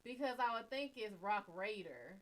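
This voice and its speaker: A woman's voice: mid-range voice, lively intonation, moderate pace, a bit bright. A woman giving tarot readings on a live stream. She talks bluntly and casually, swears freely, and reads viewers' names and questions aloud. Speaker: tarot reader.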